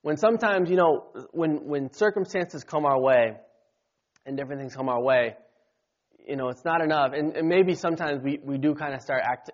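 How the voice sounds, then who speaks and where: A man preaching a sermon, punctuating his points with amens and rising to shouts when quoting scripture. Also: medium pitch, brisk, lo-fi sound. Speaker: pastor.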